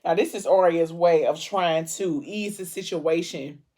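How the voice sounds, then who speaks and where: A woman vlogger with a fairly low, warm voice retells a book plot between bites, acting out the dialogue in an unhurried, conversational way full of fillers. It's casual storytelling while she eats.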